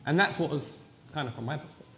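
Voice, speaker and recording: A man's voice: a little high, fast talker, fairly bright tone, slight background noise. A man co-hosting a faith-based relationship talk, frank and speaking straight to the men listening. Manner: frank, addresses men directly. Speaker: co-host. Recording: reverberant hall.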